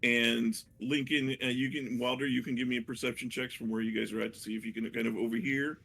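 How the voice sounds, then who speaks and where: A man narrating a tabletop game as dungeon master, hesitant and full of fillers, with a gravelly voice. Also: medium pitch, little pitch movement, quick pace, a bit bright, a little hiss or hum. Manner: hesitant, many fillers and restarts.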